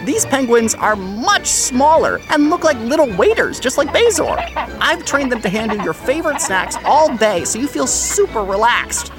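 A woman's voice: a little high, very animated, music in the background. A woman playing a goofy, eager first mate who co-hosts a scripted kids' comedy podcast. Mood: chipper. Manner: chipper, zany and fast-talking.

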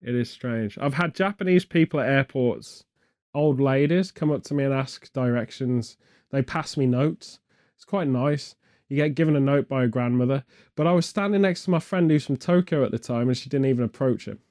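This UK man's voice is mid-range and darkish, moving at normal speed through a comedic, rambling conversation. He keeps a straight face while drifting into absurd, meandering comic tangents.

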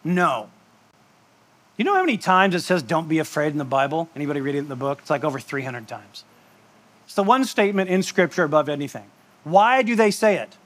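High-voiced man preaching conversationally. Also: a bit bright. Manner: conversational, joking, with asides and laughs. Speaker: pastor. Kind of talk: sermon.

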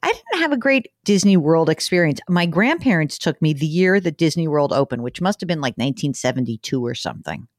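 A woman in her fifties hosting a finance podcast, chatting in a casual, quick way with asides and laughs. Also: sits low, very animated, no echo, clean studio sound. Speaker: podcast host. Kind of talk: casual chat.

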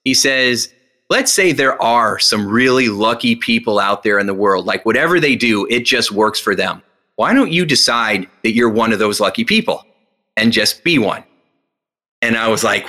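In an interview, a male hypnotist and speaker tells lively stories, acting out what people said to him with big jumps in pitch. His delivery is energetic, though it turns slow and guided when he teaches a breathing exercise.

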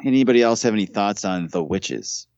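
A man's voice: on the low side, animated, fairly quick, darkish tone, dry recording, muffled recording. A man hosting a casual movie review podcast, blunt, profane and sarcastic. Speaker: podcast host.

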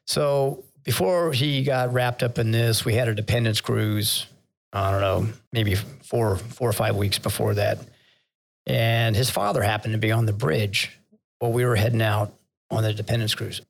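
This podcast guest, an older retired vice admiral, has a fairly low, gravelly voice with a steady tone and normal speed. Conversationally, he shares candid stories about leadership, laughing at his own expense and getting choked up.

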